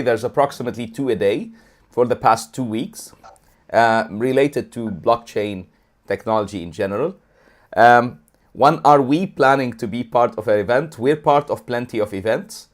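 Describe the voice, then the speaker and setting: A man with a mid-pitched voice co-hosting a casual livestream. He talks in an animated, rambling way, restarting his sentences often. He speaks around a throat lozenge in his mouth. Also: normal speed. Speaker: co-host.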